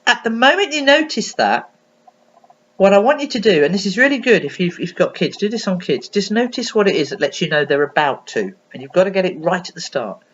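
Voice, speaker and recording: An earnest woman explains a calming technique in a casual coaching tutorial, full of ums and restarts, her pitch rising and falling with animation. The webcam audio sounds dull and slightly muffled, with a faint hiss underneath. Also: a little fast. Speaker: anxiety coach. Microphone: computer webcam.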